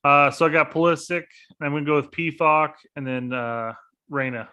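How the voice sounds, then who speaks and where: A man's voice: a little high, moderate pace, sharp tone, clean tone, highs cut off. A man co-hosting a casual soccer podcast, rambling and thinking aloud as he talks through lineups. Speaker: podcast co-host.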